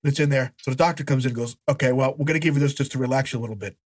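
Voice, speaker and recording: A man co-hosting a podcast, telling a story in a lively, animated way, acting out voices and laughing as he goes. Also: medium pitch, rapid-fire. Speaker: podcast co-host. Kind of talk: casual storytelling chat.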